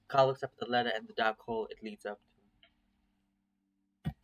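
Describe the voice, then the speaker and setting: A man's voice: medium pitch, fairly even intonation, a little fast, a bit bright, dull audio. Man narrating a visual novel. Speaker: story reader.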